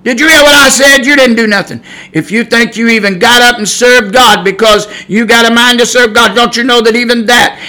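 A middle-aged man preaching a sermon on his podcast, fiery and loud at the warnings, chatty and easygoing in his asides. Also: very high-pitched, low-quality recording. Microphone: podcast mic.

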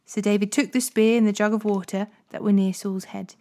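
A woman reads scripture aloud for a daily Bible series. Her narration is clear and steady, with some passages dropping soft and low. The pitch sits in an ordinary middle range. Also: brisk. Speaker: Bible reader. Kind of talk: scripture reading.

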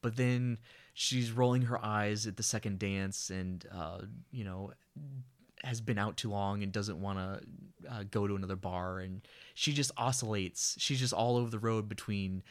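A man co-hosts a casual podcast, recapping an old film scene by scene and acting out the characters' lines. His voice is on the low side and steady, at a moderate pace.

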